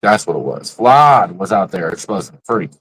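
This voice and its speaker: A man with a low voice rants live to his stream in blunt, profane slang. His talk is casual and full of trash talk. The sound is dry and close, with no room echo. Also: animated, normal speed, fairly bright tone, breathy edge. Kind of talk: casual livestream rant.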